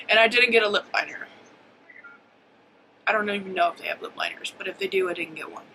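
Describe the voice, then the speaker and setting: A woman in her twenties chats her way through a makeup tutorial in a bright, lively voice. She rambles a bit, full of ums and likes, and calls herself hyper. A faint hiss sits under the home camera recording. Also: mid-range voice, quick pace, long pauses, rough recording. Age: 20s. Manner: chatty, hyper, rambling with fillers. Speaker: beauty vlogger. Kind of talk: casual makeup tutorial talk.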